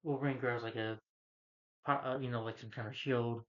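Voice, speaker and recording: A man casually retelling a film's plot as a reviewer, rambling and halting with lots of "you know" and restarts. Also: medium pitch, steady tone, a bit bright. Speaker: movie reviewer. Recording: slightly dull lo-fi recording.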